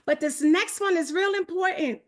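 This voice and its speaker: High-pitched, upbeat New York woman. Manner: energetic, hype-building, fast, calls out to the audience. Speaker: host of a motivational accountability call. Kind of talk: live online motivational coaching.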